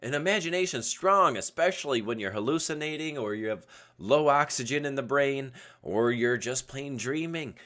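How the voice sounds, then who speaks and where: A man's voice: medium pitch, expressive, moderate pace, fairly bright tone. A man hosting a casual solo livestream podcast at his computer webcam, rambling and going off on tangents. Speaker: podcast host. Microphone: webcam setup at a computer.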